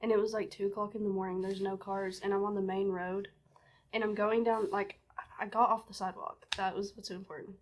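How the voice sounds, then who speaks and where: A woman telling an embarrassing story in an easygoing, conversational way. Her voice is at an ordinary middle pitch. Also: flat delivery, brisk. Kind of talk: casual storytelling.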